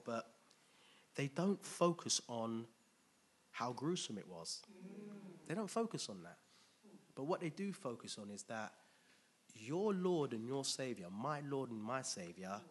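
A man preaching a conversational, animated sermon, laughing often and restarting his sentences. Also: medium pitch, breathy edge. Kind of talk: expository sermon.

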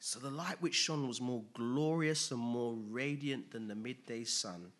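A man preaching a sermon, emphatic and animated, asking his listeners rhetorical questions. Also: mid-range voice, measured pace.

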